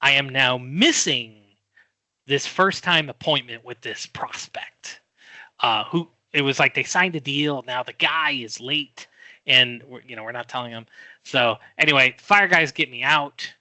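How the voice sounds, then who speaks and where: A middle-aged man telling a story in a podcast chat, animated and quick to act out what people said. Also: mid-range voice, no room sound. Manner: animated storyteller, acts out quoted voices. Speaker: guest.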